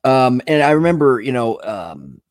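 A man's voice: medium pitch, big pitch swings, moderate pace, dry recording, clean studio sound. A man hosting a podcast in casual chat, telling rambling stories with many fillers and asides. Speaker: podcast host.

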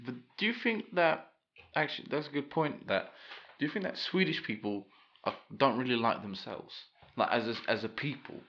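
A British man chatting casually as a podcast guest, relaxed, with casual swearing. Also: medium pitch, normal speed, lo-fi sound. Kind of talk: casual chat.

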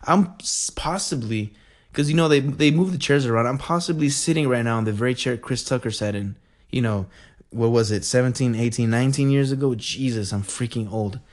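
A man telling a story in a casual, rambling and excitable way, full of fillers. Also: medium pitch, brisk.

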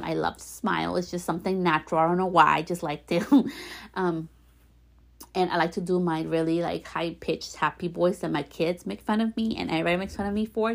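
A woman in her thirties hosting a heartfelt solo podcast, talking gently and warmly with encouraging affirmations and a light giggle now and then. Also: fairly low pitch, creaky. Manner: gentle affirmations, repeats herself for emphasis. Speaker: podcast host.

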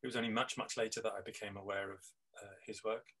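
A man's voice: fairly low pitch, fairly even intonation, fast, fairly bright tone, husky, poor audio. A middle-aged man, a guest on an interview, talking reflectively with many restarts and fillers. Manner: rambling, with frequent restarts and fillers. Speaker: guest, improv teacher.

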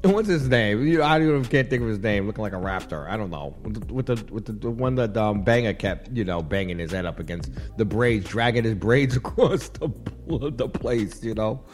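A man's voice: on the low side, lively intonation, a little fast, hardly any pauses, faint music behind. A man hosting a radio talk show, chatting casually and playfully, laughing often and rambling through asides.

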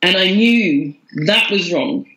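A woman's voice: medium pitch, expressive, slow pace, a bit bright, roomy sound, low-quality recording. A woman, a podcast guest telling her story candidly and with self-mockery. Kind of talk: casual storytelling.

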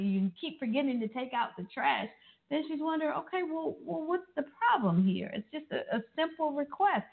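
A woman co-hosting a talk show, giving earnest relationship advice and sharing personal stories. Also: a little high. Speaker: co-host of a marriage talk show. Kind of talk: casual advice chat. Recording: tinny phone-like sound.

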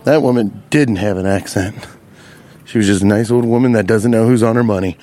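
A man telling a rambling comic story with a profane, animated delivery, breaking into loud high-pitched asides, recorded outdoors while walking beside a lake. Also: a little fast.

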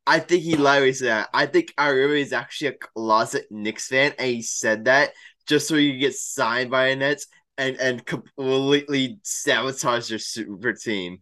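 A young man co-hosting a casual sports podcast, talking fast with stammered restarts. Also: mid-range voice, bright, forceful tone. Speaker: podcast co-host.

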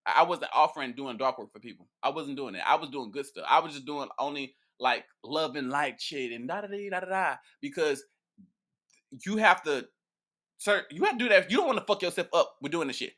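Bright-voiced man in profane casual chat. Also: on the high side, fairly quick. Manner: profane, playful and animated, with frequent laughs and restarts. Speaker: priest answering viewer questions.

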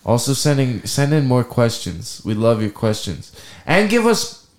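A man's voice: medium pitch, very animated. Easygoing, teasing man in his twenties. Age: 20s. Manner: easygoing and teasing, quick to laugh. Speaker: podcast co-host. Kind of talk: casual podcast chat.

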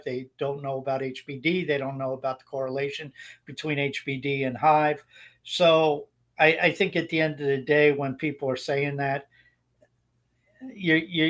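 A man co-hosting a podcast, giving blunt opinions in casual chat and rambling with frequent restarts. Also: on the high side. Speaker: podcast co-host.

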